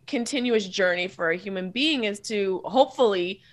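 A woman's voice: medium pitch, normal speed. A woman comedian guesting on a podcast, chatting casually with brash, profane humor and easy laughter.

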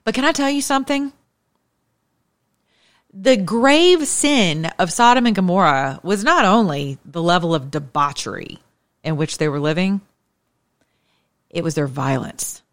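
A woman's voice: on the low side, animated, a little slow, pauses often, no echo. A woman with a Southern accent hosting a faith talk show, joking and preaching with lots of rhetorical questions. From Southern United States. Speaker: show host.

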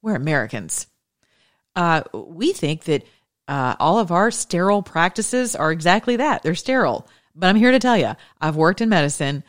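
A woman telling her viewers a personal story in a casual monologue, animated and blunt, with sudden leaps in pitch and loudness. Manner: blunt and opinionated, swears and then apologizes. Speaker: mother sharing a personal story.

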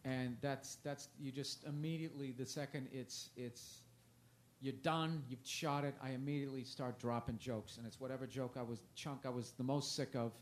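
A comedian guest in his forties chats casually at a festival interview, rambling loosely, mocking himself, and swearing plenty. His medium-pitched voice is steady at normal speed, with a little hiss or hum.

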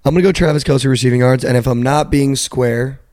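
A young man co-hosting a casual sports betting talk, animated as he tells a story and mimics a stranger in a flat voice. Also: medium pitch, brisk, dry recording, clean studio sound. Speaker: podcast co-host.

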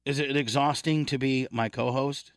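A man's voice: mid-range voice, fairly even intonation, normal speed, no room sound, clean studio sound. A man in his fifties co-hosting a podcast, talking in casual chat, blunt, profane and self-deprecating. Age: 50s. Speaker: podcast co-host.

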